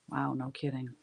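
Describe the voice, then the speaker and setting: A woman's voice: extremely low pitch, gravelly, fairly bright tone. Middle-aged woman, talkative craft-stream host, rambling storyteller, laughs a lot. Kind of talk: casual chat with viewers while painting.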